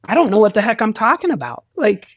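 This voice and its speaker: A man's voice: sits high, huge pitch swings, fast, a bit bright, dry recording. A man, a sports psychologist, talking as a guest in a casual interview, rambling with restarts and acting out quoted dialogue.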